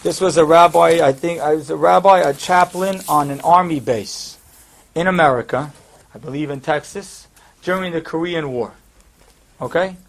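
Male preacher, high voice, conversational sermon storyteller. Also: normal speed, vocal fry. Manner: conversational, with fillers and asides.

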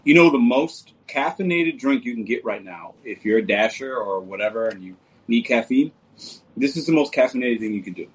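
A man's voice: mid-range voice, lively intonation, normal speed, husky, rough recording. A man hosting a casual livestream, reading viewer comments and joking with them in a laid-back way. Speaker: livestream host.

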